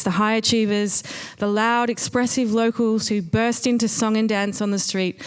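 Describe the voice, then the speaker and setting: A woman's voice: mid-range voice, clean tone. An Australian woman reading a wry first-person story aloud on stage at a live storytelling night. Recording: long reverb of a venue hall.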